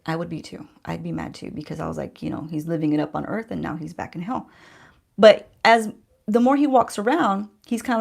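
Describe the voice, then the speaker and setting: Woman vlogger with a creaky voice, chatting loosely to her audience mid-makeup and throwing questions at them. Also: mid-range voice, darkish tone. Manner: chatty, addresses viewers directly, rhetorical questions. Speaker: beauty vlogger. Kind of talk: casual storytime chat while doing makeup. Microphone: handheld-range mic while holding a mirror.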